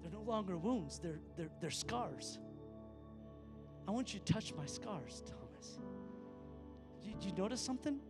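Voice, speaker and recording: A man preaching a sermon as a pastor, swinging from hushed tones to shouting. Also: sits high, expressive, unhurried, long pauses. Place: church hall. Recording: echoey hall with faint music.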